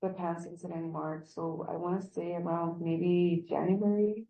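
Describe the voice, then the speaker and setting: Giving a workplace statement in an interview, a woman rambles through her account of an incident and performs the quoted dialogue of others. She speaks at a moderate pace in a level, fairly low voice. The audio is reverberant and muffled.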